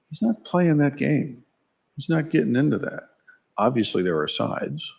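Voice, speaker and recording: A man's voice: medium pitch, animated, moderate pace, creaky, pauses often, a little mellow, slightly rough. A man giving a conversational dharma talk at a temple, wry and asking his listeners questions. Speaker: dharma teacher. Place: temple hall.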